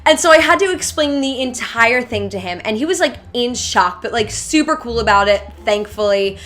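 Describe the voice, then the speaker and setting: A woman's voice: fairly high pitch, lively intonation, moderate pace, fairly bright tone. A young woman vlogger telling a casual storytime to her viewers, chatty and full of "like", animating the retelling. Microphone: seated to camera.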